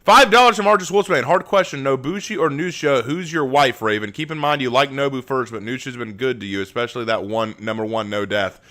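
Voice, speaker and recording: A man's voice: mid-range voice, a little fast, hardly any pauses. A young man live-streaming, reading chat aloud and answering with joking, rambling banter. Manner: animated, joking, rambling with frequent repeats.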